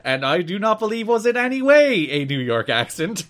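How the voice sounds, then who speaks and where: A man's voice: high-pitched, very animated, normal speed, fairly bright tone. A man co-hosting a podcast, recapping wrestling shows in casual, opinionated chat with a wry edge. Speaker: podcast co-host.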